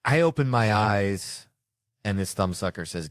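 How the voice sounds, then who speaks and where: A middle-aged male comedian tells crude family stories, profane and brash. His voice sits a little low. The sound is dry and close, with no room echo. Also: expressive, normal speed. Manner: brash, profane storytelling with acted-out quotes. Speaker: stand-up comedian. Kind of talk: stand-up comedy routine.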